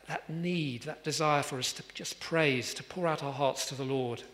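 Male preacher, conversational sermon, bright forward tone, hall reverb around him. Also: a little high. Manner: conversational, with fillers and restarts, emphatic when reading scripture.

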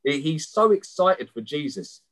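A man's voice: on the high side, very animated, unhurried, a bit bright, low-quality recording. A man preaching a sermon as a prison missionary, sharing stories in an earnest, conversational way and often repeating words as he starts a phrase. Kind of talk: sermon with personal testimony.

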